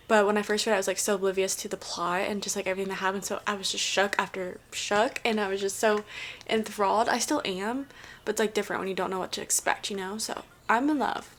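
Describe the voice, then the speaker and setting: Over a faint hiss or hum, a woman with a mid-range voice chats about the books she's been reading. Her vlog is gushing and casual, wandering along with plenty of fillers.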